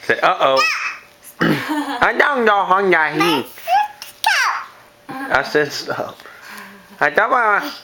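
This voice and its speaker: Laughing often, a dad filming his small children at home urges them to dance and do animal noises. His voice sits high and is very animated, though he speaks slowly, and the home video recording is noisy.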